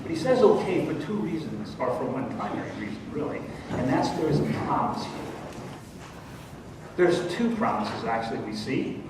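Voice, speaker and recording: A man preaching a sermon as pastor, animated and playful, asking his congregation questions. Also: medium pitch, moderate pace. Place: church sanctuary. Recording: echoey church hall from far off, noisy.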